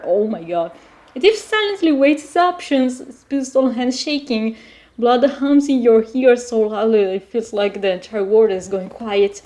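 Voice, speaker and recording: A woman reading an interactive story game aloud, breaking off into animated, laughing reactions. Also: on the high side.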